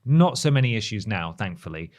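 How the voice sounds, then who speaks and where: A man's voice: lowish voice, big pitch swings, a little fast, a little mellow. A man, co-hosting a casual gaming podcast, chatty and wryly exasperated. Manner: chatty, exasperated ranting, wry. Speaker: podcast co-host.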